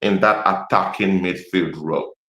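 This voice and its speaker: A man's voice: deep voice, fairly even intonation, normal speed, a crowd in the background. A man with an African accent talking passionately about football on a podcast, full of fillers and repeats. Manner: passionate, repetitive, hesitant with lots of fillers. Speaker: Arsenal fan pundit. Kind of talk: animated football podcast chat. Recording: roomy echo.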